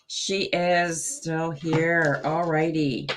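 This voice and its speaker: Woman, tarot show host, chatty and friendly, a touch low in pitch. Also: fairly even intonation, very slow, heavy background noise. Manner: chatty, friendly, reads cards aloud. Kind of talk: live tarot reading show.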